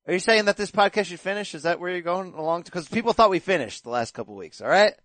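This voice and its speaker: A man with a fairly high, bouncy voice that swings widely up and down hosts a casual boxing podcast. He talks with energetic, playful banter into a close, dry mic. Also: fast talker, no room sound. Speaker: podcast host.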